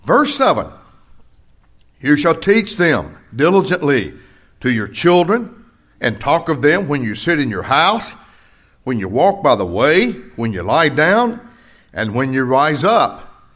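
An older man preaching a sermon to his congregation, swinging between rising emphasis and quiet personal stories. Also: a little high, sing-song, takes it slowly, pauses often. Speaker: pastor.

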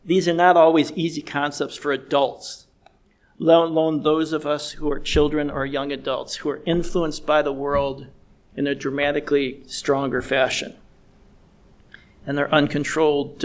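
A middle-aged man delivers a sermon with an earnest, measured manner. His voice sits a little higher than most men's, and he slows down to press key points home. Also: level tone. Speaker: preacher.

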